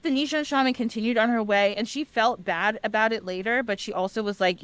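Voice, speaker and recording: A woman podcast host retelling a legend in a casual, animated way, often laughing and talking straight to listeners. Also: fairly high pitch, brisk, few pauses, clear, resonant tone. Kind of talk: casual storytelling.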